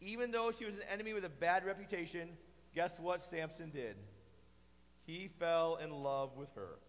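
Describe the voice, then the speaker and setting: Brief: high-pitched male kids' church teacher, playful storyteller, echoey hall sound. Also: normal speed, slight background noise. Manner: playful, animated, asks the kids questions. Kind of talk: kids' Bible lesson.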